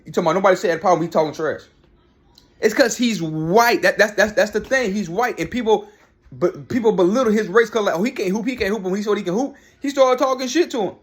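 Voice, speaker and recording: A man's voice: high-pitched, fast talker. A man ranting heatedly about sports in a vlog, repeating himself and talking back to people by name. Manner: fired-up, repetitive, talks back to people by name. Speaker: sports commentary vlogger. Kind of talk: heated opinion rant.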